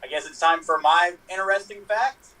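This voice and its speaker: High-voiced easygoing man, distant mic. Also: brisk, pushed and bright. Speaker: contestant. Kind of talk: casual chat.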